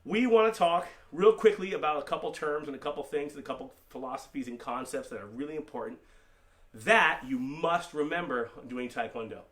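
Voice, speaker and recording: A man's voice: a little high, brisk, a bit bright. Man coaching an online taekwondo class. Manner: encouraging, coaching, repeats terms for learners to echo. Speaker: taekwondo instructor.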